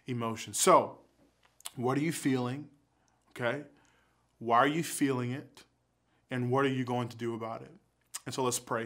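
A man's voice: medium pitch, a bit bright. A man giving an earnest youth sermon as a youth pastor, repeating words as he builds intensity, then leading a prayer. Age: adult father.

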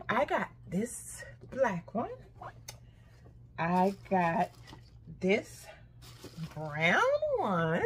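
Talking straight to her viewers, an older haul vlogger chats casually about what she bought and squeals with delight. Her voice is mid-range, with slight background noise.

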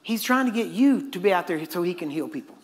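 Speaking quickly in a high, animated voice, a middle-aged man delivers a chatty sermon. He keeps checking in with "Amen?" and performs the voices of those he quotes, chuckling partway through his points.

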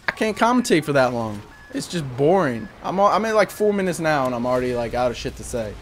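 A man's voice: a little high, big pitch swings, quick pace, hardly any pauses, a little hiss or hum. A young adult man giving casual voice-over commentary on his own gameplay, candid, profane and joking at his own expense. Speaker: gaming commentator.

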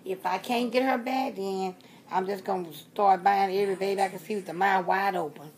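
A woman's voice: mid-range voice, steady tone, fairly quick, darkish tone. Chatty woman in her sixties, rambling. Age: 60s. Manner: chatty, repeats herself, trails off with fillers. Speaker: reborn doll collector vlogger. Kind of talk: casual rambling vlog talk.

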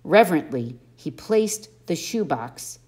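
A woman narrating an audiobook in an expressive first-person storytelling manner. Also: deep voice, unhurried. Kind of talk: audiobook reading.

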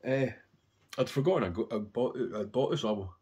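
A man's voice: medium pitch, animated, brisk, darkish tone. A man casually rambling through anecdotes about his record collection, swearing constantly.

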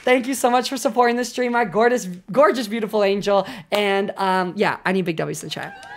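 A young woman in her twenties streaming, chatting casually and excitably with lots of filler words. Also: mid-range voice, brisk, a little hiss or hum. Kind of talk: casual livestream chat.

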